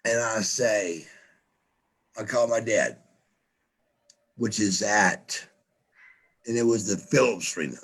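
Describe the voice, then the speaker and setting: A man's voice: fairly low pitch, slow, long pauses, fairly bright tone, husky. A man telling a story as a podcast guest, stammering, repeating himself and swearing often. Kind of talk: casual storytelling.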